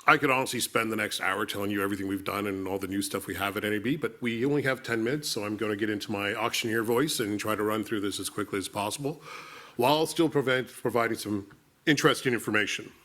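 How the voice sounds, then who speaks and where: A man presenting at an industry meeting, explaining briskly and posing questions to himself. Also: lowish voice, a bit bright. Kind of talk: conference presentation.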